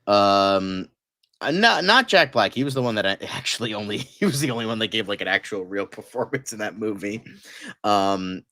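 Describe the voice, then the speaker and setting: A low-pitched man rambles and gushes through casual chat, stacking filler words as he goes. He sounds tired and a bit delirious from the late hour. The recording is dry and close, with almost no room sound. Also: animated, moderate pace, pushed and bright, no echo. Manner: gushing, rambling with many fillers.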